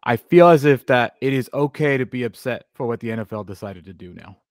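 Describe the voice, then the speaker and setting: A man's voice: mid-range voice, a little fast, no echo, studio quality. A man co-hosting a sports talk show, opening hesitantly and then stating strong opinions. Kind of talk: casual sports radio chat.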